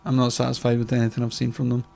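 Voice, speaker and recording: A man's voice: medium pitch, completely flat delivery, racing, gravelly, darkish tone. A man co-hosting a casual podcast chat, talking emphatically and swearing often. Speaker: podcast co-host.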